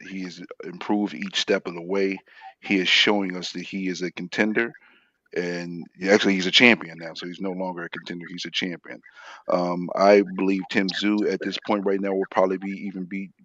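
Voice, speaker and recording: A man giving a calm, measured, polite opinion in a debate on an online call. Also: low voice, no room sound. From New Haven, Connecticut, US. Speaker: panel guest, boxing fan. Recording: muffled lo-fi call audio.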